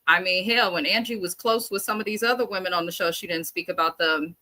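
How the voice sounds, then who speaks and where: A woman's voice: fairly low pitch, quick pace, sharp tone, rough recording. A woman co-hosting a casual reality TV recap, sharing earnest opinions. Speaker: podcast co-host.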